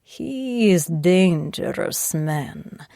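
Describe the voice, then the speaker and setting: A woman voicing a menacing old Russian crime boss, with a thick Russian accent, drawling slowly and condescendingly in an audiobook. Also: fairly low pitch, lively intonation, creaky, dark tone, no room sound, studio quality, exaggerated voice. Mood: grim.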